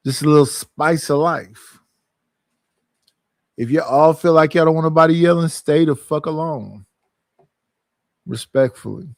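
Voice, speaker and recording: A man's voice: a little high, measured pace, long pauses, dry recording. Blunt, profane male streamer. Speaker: streamer hosting a group call. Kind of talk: casual livestream chat.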